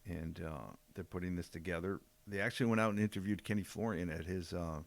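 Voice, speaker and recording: A man's voice: deep voice, fairly even intonation, fairly quick, creaky, dry recording. An older man co-hosting a podcast, chatting casually and easygoing, often trailing off mid-sentence. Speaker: podcast co-host, jiu-jitsu black belt.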